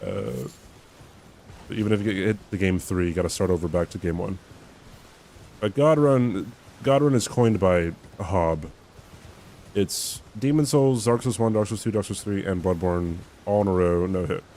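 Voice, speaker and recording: Young male streamer, very low voice, casual rambling chat, self-mocking. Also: moderate pace, dark tone, a little hiss or hum. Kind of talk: casual chat while gaming.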